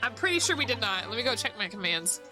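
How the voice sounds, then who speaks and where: A woman's voice: a little high, big pitch swings, fast talker, music in the background. A woman streamer chatting casually while playing a game, giggling and swearing freely. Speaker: VTuber streamer.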